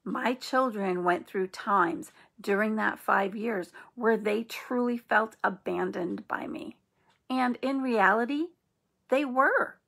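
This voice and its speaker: A middle-aged woman hosting an inspirational channel, speaking in a gentle, earnest and reassuring way. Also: mid-range voice, takes it slowly, vocal fry. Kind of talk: encouraging spiritual talk.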